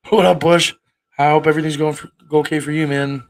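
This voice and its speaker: A man's voice: on the high side, level tone, brisk, poor audio. A man in his thirties hosting a casual livestream, rambling and cursing bluntly as he talks to his viewers. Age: 30s. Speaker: livestream host.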